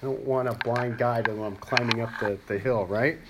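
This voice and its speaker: A man's voice: medium pitch, steady tone, moderate pace, few pauses, fairly bright tone. A man pastor preaching a sermon in an emphatic, conversational way.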